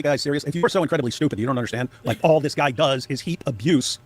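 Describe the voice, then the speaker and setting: A man giving casual commentary, sarcastic, sometimes mocking others in exaggerated high-pitched quotes. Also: rapid-fire, husky.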